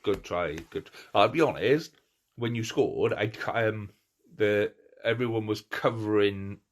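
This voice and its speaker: A middle-aged man hosting a podcast in casual chat, telling stories in an animated way with lots of restarts. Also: lowish voice, unhurried. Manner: animated storyteller, acts out crowd cheers; chatty, many restarts and fillers. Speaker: podcast host.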